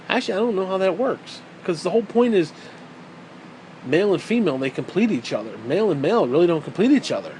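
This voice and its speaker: A man's voice: high-pitched, very animated, a little fast, long pauses, a little mellow, a little hiss or hum, rough recording. A man delivering a heated, profane and sarcastic ranting monologue as a vlogger.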